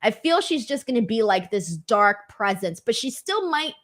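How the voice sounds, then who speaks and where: Animated woman recapping wrestling. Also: fairly high pitch, normal speed. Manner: animated, emphatic, casual swearing. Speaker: wrestling show host. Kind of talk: casual live-stream recap.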